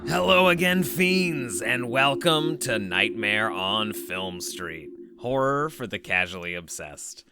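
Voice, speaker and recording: A man's voice: lowish voice, animated. A Canadian man co-hosting a podcast, chatting casually and jokily. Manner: jokey, upbeat, quick asides. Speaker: podcast co-host.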